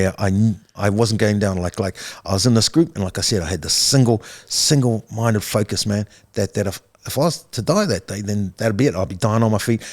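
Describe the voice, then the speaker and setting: A middle-aged man with a New Zealand accent tells his story to a podcast host in a low voice. His speech is loose and conversational. He restarts phrases, repeats words, and leans on "bro" and "man" as he goes. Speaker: podcast guest. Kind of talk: casual storytelling interview.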